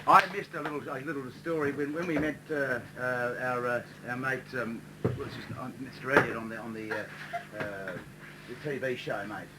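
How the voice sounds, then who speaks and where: A man's voice: mid-range voice, fairly even intonation, moderate pace, very noisy. A man telling a rambling comic story on stage in an amateur comedy show, full of hesitations. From Australia. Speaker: performer telling a joke.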